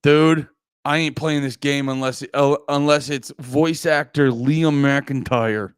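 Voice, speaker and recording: A man with a fairly high-pitched voice talks slowly with fairly even intonation during a casual livestream chat. His tone is clean and the recording dry, clean studio sound from a close desk mic, as he brashly teases viewers and swears frequently.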